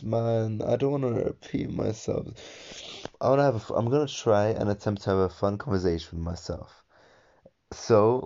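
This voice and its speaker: A man's voice: low-pitched, a little mellow, muffled recording. A young man talking through a casual solo podcast, rambling and coaching himself, with many fillers and restarts.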